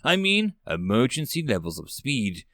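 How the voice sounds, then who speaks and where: Giving quick orders as a stern, commanding woman marshal, a man's voice swings lively in pitch. It sounds close and dry with no echo, and the voice is exaggerated.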